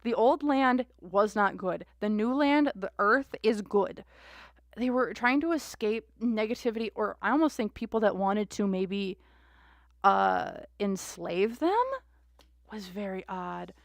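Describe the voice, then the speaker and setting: A woman's voice: mid-range voice, unhurried, creaky, dry recording. A woman doing a live-stream tarot reading, musing aloud with many restarts and fillers. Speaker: tarot reader.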